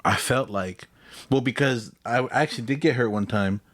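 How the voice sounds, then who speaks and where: A man's voice: mid-range voice, moderate pace, fairly bright tone, no echo. Man, young adult, profane storyteller, casual chat. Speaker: podcast co-host.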